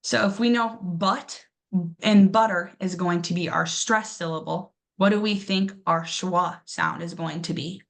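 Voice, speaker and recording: A young woman teaching a pronunciation lesson, patiently encouraging her students and repeating each word slowly. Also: lowish voice, vocal fry, a bit bright.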